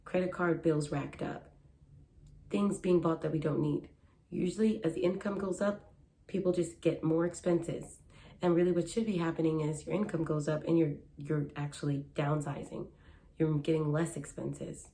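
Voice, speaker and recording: A young woman speaks in a casual advice vlog, earnest and chatty, driving her points home through repetition. Her voice sits slightly low and sounds warm and mellow. A faint ambient hum stays under her throughout. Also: steady tone, moderate pace. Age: young adult. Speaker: matchmaker.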